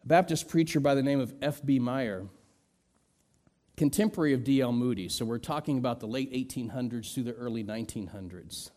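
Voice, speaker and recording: A middle-aged man preaching a sermon, swinging from soft low drops to raised, emphatic peaks, with self-deprecating humor. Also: a little fast. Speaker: pastor.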